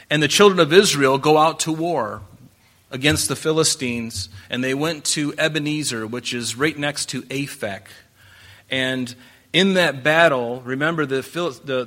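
A male pastor with a bright, forceful voice teaches scripture in a relaxed, conversational sermon. He talks to the congregation directly, tossing in rhetorical questions and quick asides. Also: a little high.

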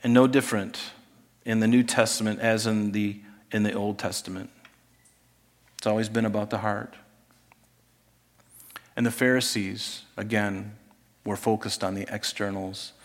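A man preaching a sermon as pastor, conversational, dropping to hushed asides and rising to emphatic points. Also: fairly low pitch, level tone, a little slow, pauses often. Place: church sanctuary. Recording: long hall reverb.

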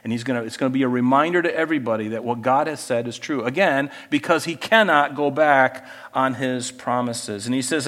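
A male pastor preaching an expository sermon, reading scripture with loud emphasis and dropping to quiet conversational asides and rhetorical questions. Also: medium pitch, brisk, few pauses, in a large hall.

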